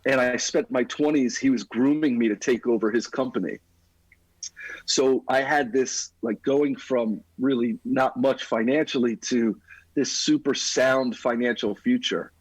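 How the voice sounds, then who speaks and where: A middle-aged man, a podcast guest, telling his life story in an energetic, casual, buddy-like way. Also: mid-range voice, measured pace, husky, no room sound, poor audio. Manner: energetic, talks like a buddy, says "dude".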